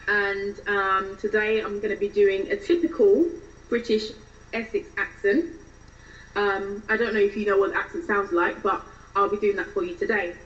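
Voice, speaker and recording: A woman's voice: medium pitch, fairly bright tone, recorded from a distance, lo-fi sound. An actress introducing her character voices in a casual, hesitant way, with many ums.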